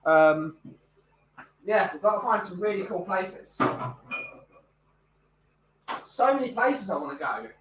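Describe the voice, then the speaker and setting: A man rambles casually through a live stream, full of ums and uhs. His voice sits fairly high for a man and sounds bright and forward. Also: lively intonation, moderate pace, a little hiss or hum. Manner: rambling, chatty, many fillers.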